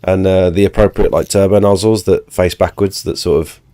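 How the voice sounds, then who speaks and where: A man's voice: low-pitched, steady tone, a little fast, warm tone. A man live-streaming, casually reacting to a video in a laid-back, chatty way, often laughing.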